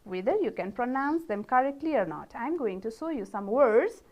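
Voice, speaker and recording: A woman teacher with a Nepali accent leading a pronunciation lesson, modelling each word slowly and praising her pupils. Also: on the high side, big pitch swings, darkish tone. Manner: slow, drawn-out model words with encouraging praise. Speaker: English teacher.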